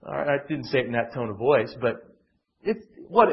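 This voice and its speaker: A man's voice: medium pitch, sing-song, normal speed, creaky. A man teaching a conversational Bible lesson, digressive and emphatic, often restarting his sentences. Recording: dull lo-fi classroom recording.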